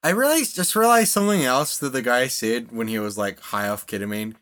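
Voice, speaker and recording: A man's voice: mid-range voice, expressive, fairly quick, fairly bright tone. A man co-hosting a podcast, chiming in with teasing jokes during a friend's story. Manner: teasing, joking interjections. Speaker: podcast co-host. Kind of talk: casual chat.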